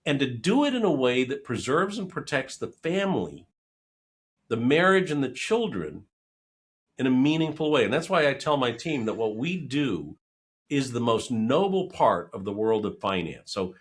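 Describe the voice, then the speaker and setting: A middle-aged man speaking as a guest in an interview. His pitch moves a lot as he tells stories, and he acts out the voices of the people he talks about. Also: normal speed. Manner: animated storyteller who acts out quoted dialogue. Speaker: financial planner, guest. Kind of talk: conversational interview storytelling.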